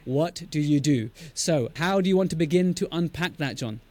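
A male podcast host chatting with a dentist guest, quick and chatty, often restarting his words. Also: a little high, animated, warm tone. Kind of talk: conversational podcast interview.

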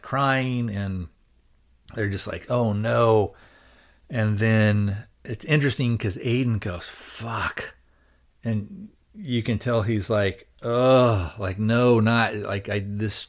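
A man hosting a podcast and recapping a film's plot in a loose, rambling way, hedging and restarting as he searches for words. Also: fairly low pitch. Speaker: podcast host reviewing a film. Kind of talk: casual spoken film recap.

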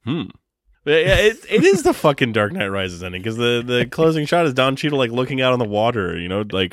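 A man's voice: mid-range voice, sing-song, a little fast, dry recording. A man co-hosting a casual movie-review podcast, sardonic and casual with swearing. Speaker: podcast co-host.

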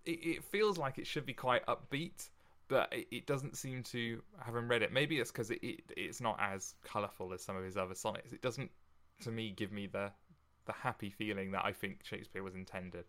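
Bright-voiced chatty man. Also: on the low side. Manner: chatty, animated, quick to laugh, many restarts. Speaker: podcast co-host. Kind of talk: casual chat about Shakespeare's sonnets.

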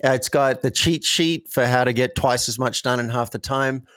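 A man's voice: mid-range voice, moderate pace, a bit bright, no room sound. A man who is a coach and a guest, talking reflectively in an interview and acting out example dialogues. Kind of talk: conversational interview.

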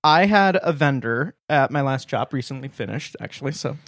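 A woman co-hosting a podcast in casual chat, animated and giggly, swearing freely. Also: very deep voice, moderate pace, no room sound, studio quality. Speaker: podcast co-host. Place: studio.

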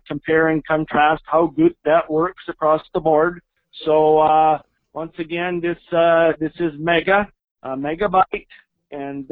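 A man's voice: on the high side, dry recording, close to an everyday voice. A man voicing a rambling folksy male caller with a wobbly put-on accent, full of hesitations. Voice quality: halting, lots of "uh". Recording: tinny phone-line voicemail.

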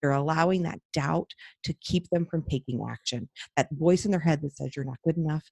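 A woman's voice: low voice, normal speed, creaky, a little mellow, husky, no room sound. A woman coach talks through an idea in a loose, conversational way and keeps checking in with "right?" She slips into little acted-out voices to show what she means. The sound is dry and close, with no room around it. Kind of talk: casual explanatory talk.

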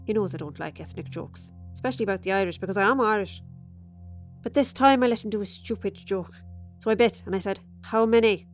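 A woman's voice: mid-range voice, fairly quick, soft background music, lightly acted. A woman performing a dramatic monologue as a chatty, tipsy Irish widow who confides over dinner, with sudden flashes of resentment. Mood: confiding. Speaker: storyteller.

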